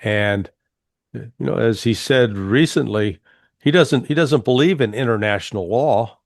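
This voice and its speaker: A man giving his views in a political interview, emphatic and often restarting, slowing down to stress his points. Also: mid-range voice, vocal fry, dry recording, studio quality. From United States. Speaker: guest commentator.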